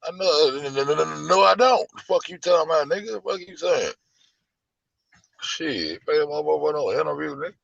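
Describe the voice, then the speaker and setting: A man with a gravelly, bright voice rants in a profane, animated, incredulous way as a show host. The sound is dry and close, a little dull and lo-fi. He talks casually, stretching out his disbelief. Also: on the high side, normal speed, no room sound. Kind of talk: casual livestream rant.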